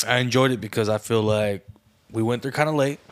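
A man's voice: medium pitch, brisk. A man who is a father, chatting casually as a podcast co-host, swearing freely, tacking "bro" onto every phrase and acting out voices in his stories. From Mexican heritage. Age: adult father. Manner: profane, peppers speech with "bro"; animated storyteller, acts out voices with laughter. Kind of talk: casual chat.

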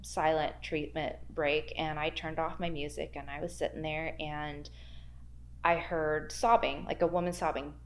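A woman's voice: low-pitched, flat delivery, moderate pace. A woman guest telling a spooky workplace story in a podcast interview, acting out the quoted dialogue with big jumps in her voice. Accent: American Midwest. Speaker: guest, library archives worker.

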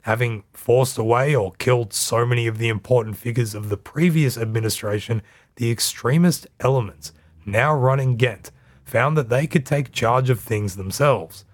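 A man hosting a history podcast, reading a scripted narration in a measured way with dry asides. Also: mid-range voice.

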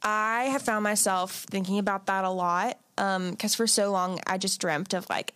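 Reflective young woman giving gentle advice. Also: mid-range voice, fairly even intonation, moderate pace, few pauses, clear, resonant tone, dry recording, clean studio sound. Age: young adult. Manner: reflective, gently advising, many "like" fillers. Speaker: podcast co-host. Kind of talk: casual chat.

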